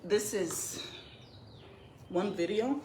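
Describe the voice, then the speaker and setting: A woman vlogger telling her own story, shaky but defiant, speaking haltingly. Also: mid-range voice, dark tone, a little hiss or hum. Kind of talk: emotional vlog talk. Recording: echoey room.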